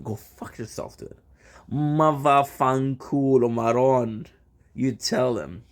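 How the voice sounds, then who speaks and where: Playful and teasing, a man streaming live chats casually with viewers, frequently saying the same phrase several times over. His mid-range voice is a little mellow and slightly rough.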